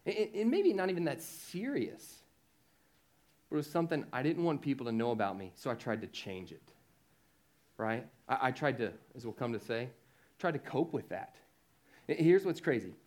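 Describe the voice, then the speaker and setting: A man giving a youth sermon, who talks lively and often asks the young audience "right?". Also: mid-range voice, normal speed. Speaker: youth speaker.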